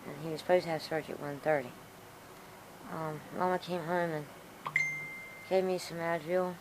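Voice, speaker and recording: A woman's voice: sits low, fairly even intonation, moderate pace, background noise. A woman rambling casually to her vlog camera, frustrated and in pain from a sore tooth. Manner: rambling, frustrated, self-talking. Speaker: vlogger. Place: outdoors in a yard.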